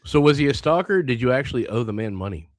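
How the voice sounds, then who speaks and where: A man's voice: mid-range voice, lively intonation, fast talker, dry recording, clean studio sound. A man co-hosting a podcast, dropping in short questions during casual chat. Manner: brief interjections and questions.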